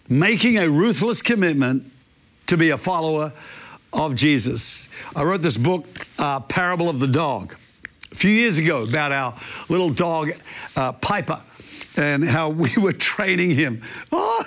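A man preaching a sermon, telling a story in a lively, animated way. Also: a little high. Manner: animated storyteller, imitates barking dog. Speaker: pastor.

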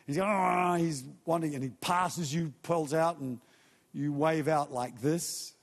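A man with a high, light voice delivers a sermon in a church, chatting with the congregation and slipping into quick acted-out bits of dialogue. His words ring out with the long reverb of a big hall behind them. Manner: conversational preaching with acted-out quotes and asides. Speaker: pastor.

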